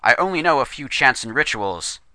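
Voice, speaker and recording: A man voicing a calm young Lakota man who speaks with an English accent in a formal, measured way, in a spoken story. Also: mid-range voice, no room sound. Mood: solemn. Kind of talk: storytelling character voice.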